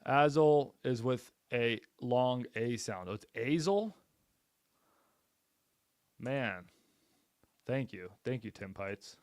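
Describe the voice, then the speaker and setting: A man's voice: medium pitch, takes it slowly, clear, resonant tone, no room sound. Male real estate streamer, blunt and punchy sales patter with loose casual talk, middle voice, dead-dry room. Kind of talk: casual live-stream commentary while cold-calling.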